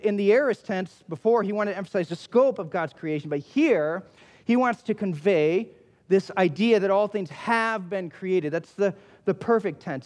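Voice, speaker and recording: A man's voice: high voice, a little mellow. A male pastor preaching a sermon, emphatic and repeating key phrases for weight. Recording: long hall reverb.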